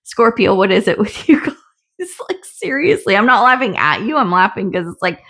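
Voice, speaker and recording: A woman's voice: medium pitch, lively intonation, moderate pace, vocal fry, a bit bright. A middle-aged woman giving a casual tarot reading, chatty and often laughing, with the odd swear word. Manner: chatty, laughing, swears, acts out little voices. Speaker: tarot reader.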